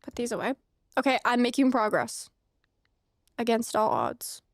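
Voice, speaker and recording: A woman's voice: on the high side, expressive, normal speed, dry recording. A young woman streaming a game, chatting casually with rambling asides and frequent laughter. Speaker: streamer playing a farming game. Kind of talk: casual let's-play chat.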